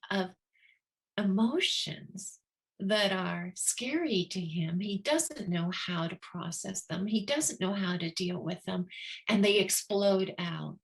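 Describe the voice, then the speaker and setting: A woman who leads a children's divorce program, telling a story in an earnest way and acting out the voices of the people she quotes. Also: lowish voice. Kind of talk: storytelling talk.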